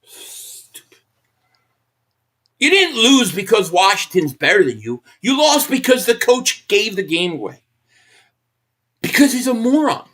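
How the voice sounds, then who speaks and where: A man's voice: sits high, very animated, moderate pace, a bit bright. Furious swearing man ranting live. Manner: furious, blunt, swearing, repeats his points. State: angry. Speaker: live stream host reacting to a football game. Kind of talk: angry live reaction rant, reading viewer messages.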